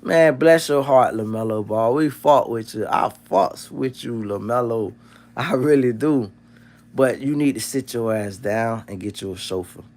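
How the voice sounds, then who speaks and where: A man's voice: mid-range voice, a little slow, a little mellow. A man hosting a livestream, talking in a loose, profane, joking rant. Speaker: livestream host.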